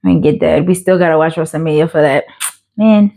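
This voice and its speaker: A young woman from South Africa with a sore throat, chatting in an animated, opinionated way as she reviews a reality show. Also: deep voice, brisk, gravelly. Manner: animated and opinionated, acts out the cast members' voices. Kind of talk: casual chat, reviewing a show.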